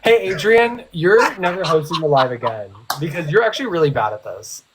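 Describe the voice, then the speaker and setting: A young man hosts a casual online live chat, spilling long stories in a rambling, teasing way. His voice sits a bit high for a man. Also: animated, brisk, noisy background. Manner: chatty storyteller, teasing. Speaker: live stream host.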